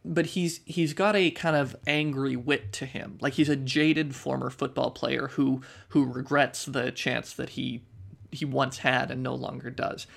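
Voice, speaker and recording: A man's voice: medium pitch, fairly even intonation, measured pace, gravelly, a bit bright. A man co-hosting a podcast, talking in a thoughtful way and restarting his sentences often. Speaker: podcast co-host. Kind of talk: casual chat.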